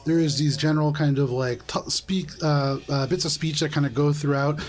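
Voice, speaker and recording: A man running a tabletop game as game master, narrating in a loose, relaxed way with many fillers. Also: on the high side, normal speed. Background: music.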